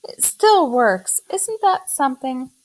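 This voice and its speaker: A woman voicing a chirpy, bossy elderly lady with sudden high exclamations. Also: very animated, takes it slowly, full character voice, low-quality recording. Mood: excited.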